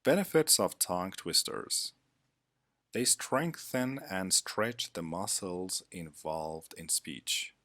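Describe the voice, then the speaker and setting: A man narrating a scripted English lesson as a teacher, with a measured, deliberate instructional delivery. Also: low-pitched, pushed and bright, no echo.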